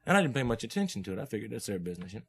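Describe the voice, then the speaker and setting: A man's voice: fairly low pitch, big pitch swings, very fast, husky. A young man from Oklahoma, a guest musician, telling stories in laid-back hip slang and laughing often as he acts out the people in them. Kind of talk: casual storytelling.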